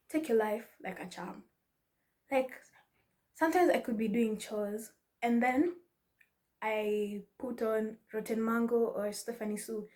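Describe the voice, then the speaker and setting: A young woman giving casual life advice to her viewers, animated and laughing often, mixing in Swahili slang. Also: on the high side. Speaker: vlogger. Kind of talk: casual advice talk to camera.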